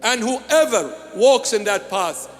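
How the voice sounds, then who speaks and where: A bishop from Iraq preaching a sermon, solemn and emphatic, delivering short measured lines and repeating key phrases. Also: male voice, sits high, animated. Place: large church. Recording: long church reverb with faint music.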